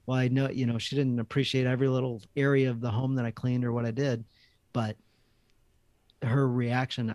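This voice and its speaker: A man hosting a podcast, telling stories in a lively, friendly conversational way. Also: mid-range voice, no echo. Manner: lively storytelling. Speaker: podcast host. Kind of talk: casual chat.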